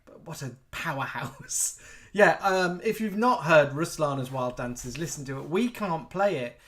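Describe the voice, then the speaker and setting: A man's voice: fairly high pitch, expressive, unhurried, fairly bright tone. A man co-hosting a live chat show, rambling and giggly in casual talk.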